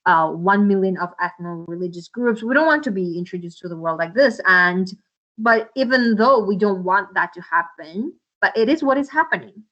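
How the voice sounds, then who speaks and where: Woman guest, impassioned and halting, mid pitch, slightly muffled lo-fi audio. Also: expressive, a bit bright. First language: Uyghur. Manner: impassioned, with many restarts and fillers. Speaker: interview guest. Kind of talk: earnest interview answers.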